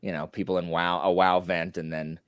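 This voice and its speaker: Very low-voiced man hosting a chatty podcast. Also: level tone, normal speed, fairly bright tone, smooth, no room sound, studio quality. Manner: chatty, teasing, rambling. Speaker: podcast host. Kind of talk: casual chat. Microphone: computer mic on a voice call.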